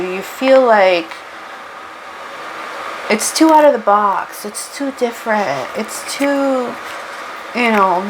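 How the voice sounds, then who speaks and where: A woman's voice: fairly high pitch, background noise. A woman from Portugal with a Portuguese accent, giving a casual, rambling spiritual card reading that drifts into chat and corrects itself as she goes. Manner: chatty, rambling, self-correcting. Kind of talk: casual tarot reading monologue.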